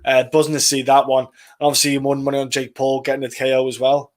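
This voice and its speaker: A man's voice: mid-range voice, flat delivery, fast. A man hosting a casual live stream of fight predictions, chatting loosely, swearing and reading viewer comments aloud. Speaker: podcast host.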